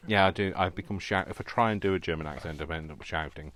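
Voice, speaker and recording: Deep-voiced rambling British man. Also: fast, a bit bright. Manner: rambling, chatty, laughs often. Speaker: craft video host. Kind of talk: casual chat while crafting.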